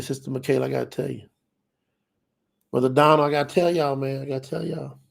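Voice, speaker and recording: A middle-aged man giving an emotional personal testimony in church, dropping very quiet when he quotes himself. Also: mid-range voice, creaky. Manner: emotional storyteller, drops very quiet on quoted lines.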